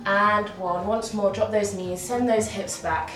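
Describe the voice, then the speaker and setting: A woman's voice: mid-range voice, steady tone, unhurried, fairly bright tone. A woman leading a guided workout class, encouraging and counting reps aloud, a little out of breath. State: slightly out of breath. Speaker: fitness instructor. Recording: roomy, from far off, faint music.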